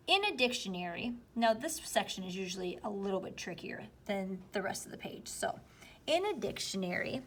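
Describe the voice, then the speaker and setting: A woman teacher slowly and patiently walking students through a spelling worksheet, step by step. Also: fairly high pitch. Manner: slow, patient, explaining step by step. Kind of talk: spelling lesson walkthrough.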